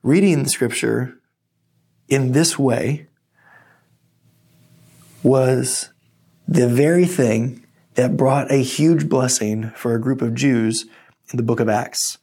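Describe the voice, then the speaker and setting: A man's voice: mid-range voice, slow pace, pauses often. A man pastor preaching a teaching sermon, opening in prayer and telling stories with energy. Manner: earnest teaching, animated storytelling.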